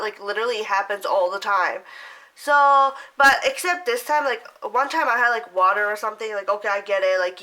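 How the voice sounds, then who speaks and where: A woman's voice: mid-range voice, sharp tone, poor audio. A young woman vlogger telling a story to camera in a loose, chatty way, full of "like" and casual swearing. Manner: chatty, lots of "like", swears freely.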